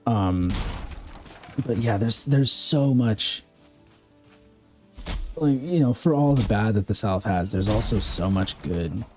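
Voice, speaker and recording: Low-voiced man chatting while gaming. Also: slow, long pauses, faint music behind. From American Midwest. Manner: rambling, chatty, answers chat. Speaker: live streamer. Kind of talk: casual chat while gaming.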